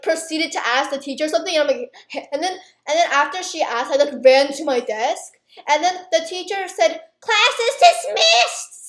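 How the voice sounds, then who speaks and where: A woman's voice: sits high, echoey room. A teenage girl ranting in a rambling, self-mocking way, packed with fillers, while playing a game on her channel. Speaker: gaming YouTuber. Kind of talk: rambling chatty rant over gameplay.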